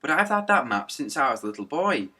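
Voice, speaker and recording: A man's voice: medium pitch, very animated, a little fast, sharp tone, distant mic, voice pushed up. A man voicing a cheerful, proud dad who announces things theatrically while reading a children's story. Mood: upbeat.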